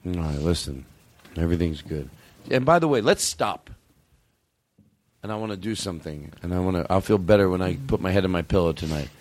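Rambling, animated male comedian host. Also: low voice, a little fast, no echo. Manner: rambling, animated, self-interrupting. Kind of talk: casual comedic storytelling.

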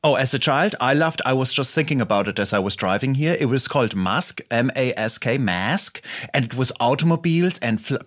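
A man's voice: mid-range voice, animated, a little fast, a bit bright. A man with a German accent, a guest on a comedic podcast, playful and exuberant with quirky phrasing.

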